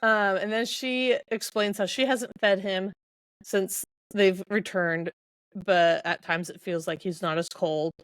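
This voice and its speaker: A woman's voice: medium pitch, fairly even intonation, unhurried, a bit bright, no echo, studio quality. A woman hosting a podcast, casually retelling book scenes, reading dialogue aloud and laughing often. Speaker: podcast host. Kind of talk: casual book-recap chat.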